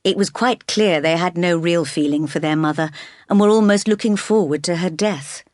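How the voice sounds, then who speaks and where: A woman reads a classic novel aloud in a calm, measured way, pitched a little low. The sound is close and dry, with no room around it. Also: no echo. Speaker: narrator. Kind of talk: scripted audiobook narration.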